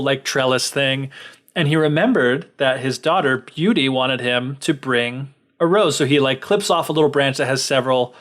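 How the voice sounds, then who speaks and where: A man's voice: medium pitch, a bit bright. A young man co-hosting a podcast, casually retelling a fairy tale in a chatty, filler-heavy way. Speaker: podcast co-host. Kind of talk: casual storytelling.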